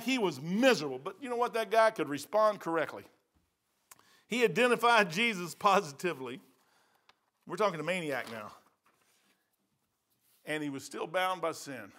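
High, bright-voiced folksy pastor man. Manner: folksy storytelling, says "man" a lot, swings from loud to quiet. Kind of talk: sermon. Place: church sanctuary.

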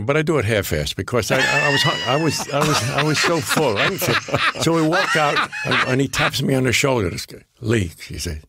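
A man's voice: medium pitch, wildly swooping pitch, a little fast, pushed and bright, breathy edge. An older man with a Bronx accent, an actor telling rambling stories in an interview, full of restarts and acted-out quotes. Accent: New York Bronx. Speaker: guest actor. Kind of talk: storytelling interview.

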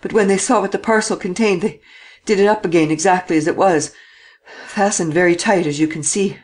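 Man voicing a breathless detective rushing in with news, pitched way up, panting and urgent for an audiobook. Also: lightly acted. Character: excitable breathless male police detective.

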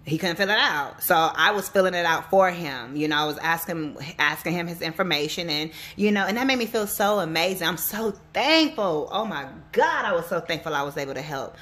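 A woman's voice: fairly low pitch, fairly quick, hardly any pauses. A woman who works as a psychic reader and life coach, talking casually and animatedly to her viewers and telling stories as she gives a reading. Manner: chatty, animated storytelling, addresses viewers directly.

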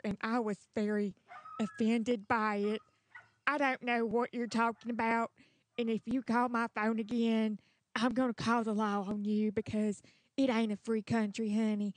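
A woman's voice: fairly high pitch, no echo, lightly acted. A woman voicing an offended, indignant older Southern woman leaving a threatening prank voicemail in a put-on Southern accent. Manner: huffy, threatening, drawn-out sweetness.

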